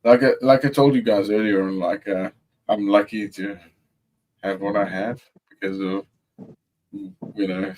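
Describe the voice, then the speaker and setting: A South African man with a low, steady, somewhat dark voice chats loosely and casually, speaking a little slowly with frequent pauses. He's laid-back, full of slang, and swears a lot.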